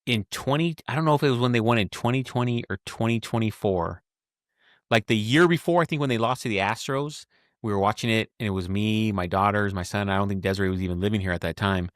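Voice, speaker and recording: A man in his forties telling stories in a casual podcast chat, animated and saying "bro" often. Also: lowish voice, fast, dry recording, clean studio sound. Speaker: podcast host.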